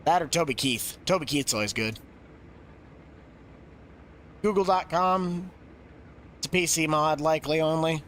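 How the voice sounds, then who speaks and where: A man's voice: a little high, a little slow, pauses often, fairly bright tone, a little hiss or hum. A man streaming a game live, chatting casually and answering questions from chat.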